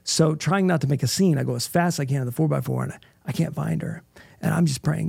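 A middle-aged man tells a deeply personal story with a heavy gravelly rasp and a husky edge to his slightly high voice. His tone is dark and earnest, and he keeps checking in with the listener. The sound is close and dry, with no room around it. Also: quick pace, no echo. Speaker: interview guest.

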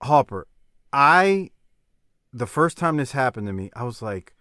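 A man's voice: medium pitch, measured pace, no echo, clean studio sound. A middle-aged man co-hosting a podcast, chatting casually about old wrestling and laughing a lot. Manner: animated, laughing, says "bruh" a lot. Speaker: podcast co-host. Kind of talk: casual banter reviewing wrestling.

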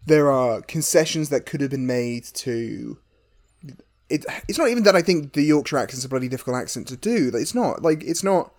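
A man's voice: mid-range voice, lively intonation, normal speed, darkish tone. A man co-hosting a casual podcast, hedging and restarting as he critiques a film. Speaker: podcast co-host. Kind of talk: casual film review chat.

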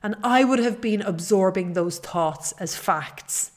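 A woman's voice: medium pitch, takes it slowly. A woman hosting a solo podcast, talking earnestly and personally in a coaching tone. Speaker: podcast host.

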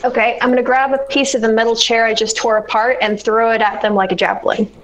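A woman playing a tabletop role-playing game, eager and quick to laugh. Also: a little high, flat delivery, muffled recording, slight background noise. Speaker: player. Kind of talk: casual tabletop game play.

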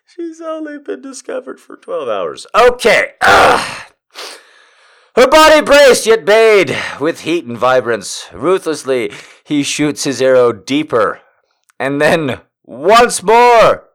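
A man's voice: fairly high pitch, sing-song, takes it slowly, fairly bright tone. A man reading erotic poems aloud for comedy, breaking off to laugh and make incredulous asides. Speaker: comedic reader.

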